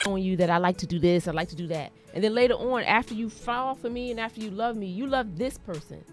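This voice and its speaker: A woman's voice: medium pitch, quick pace, faint music behind. Insistent, plain-spoken woman co-host. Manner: direct, insistent, explaining a point. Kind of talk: casual talk show conversation.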